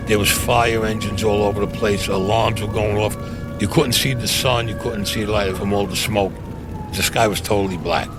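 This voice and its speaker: A man's voice: fairly low pitch, steady tone, moderate pace, over loud music. A man, recounting a childhood memory with emphatic repetition. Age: 70s. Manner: emphatic, repeats key phrases. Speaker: interviewee.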